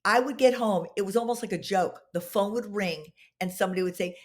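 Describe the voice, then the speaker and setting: A woman, a podcast guest, telling long, animated stories in a casual interview and acting out what people said. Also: mid-range voice, a little fast. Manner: animated, long-winded storyteller acting out quotes.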